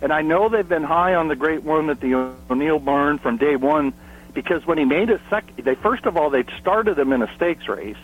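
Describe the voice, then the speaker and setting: A man who covers horse racing, giving emphatic analysis full of statistics and rhetorical questions, clearing his throat often. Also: fairly high pitch. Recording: phone line.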